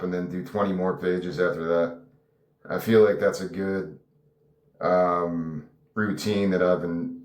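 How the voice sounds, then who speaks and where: A man's voice: fairly low pitch, a little mellow, echoey room. A man who wrote a screenplay, talking about it casually and ramblingly on his own, with frequent laughs. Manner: rambling and chatty, laughs often. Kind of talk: casual solo talk to camera.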